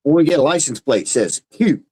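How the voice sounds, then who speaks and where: Animated swearing man co-host. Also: on the high side, a little fast, poor audio. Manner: animated storyteller, swears casually. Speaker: livestream co-host. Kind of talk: casual chat.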